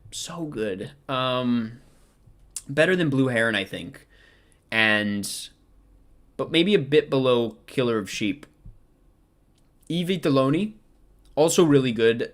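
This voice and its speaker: Young male film vlogger, mid-pitched, casual and rambling, keeps second-guessing himself. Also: a bit bright. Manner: rambling, self-questioning, frequent ums. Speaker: film vlogger ranking movies. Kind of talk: casual chat.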